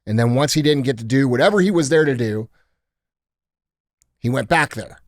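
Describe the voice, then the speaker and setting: A man's voice: medium pitch, normal speed. A man hosting a podcast, telling a story in a blunt, profane, casual way. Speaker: podcast host. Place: podcast studio.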